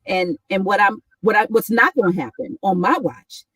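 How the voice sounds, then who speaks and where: A woman's voice: mid-range voice, moderate pace, a bit bright, slightly rough, recorded from a distance, rough recording. A woman from New York, a guest on a talk show, speaking reflectively with many restarts and "right?" asides. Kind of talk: casual conversation.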